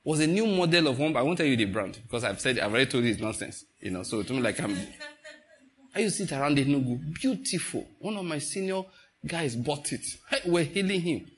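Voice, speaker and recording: A man's voice: on the high side, lively intonation, fast. A man with a Nigerian accent preaching a sermon to a congregation, telling stories with chuckles and asking the listeners to answer. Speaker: pastor.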